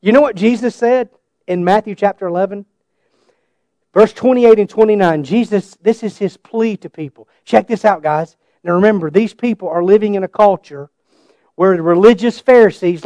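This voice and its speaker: A middle-aged man preaching a sermon and telling his own story, swinging between loud bursts and hushed asides. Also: high voice, no echo, studio quality. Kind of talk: sermon with personal testimony.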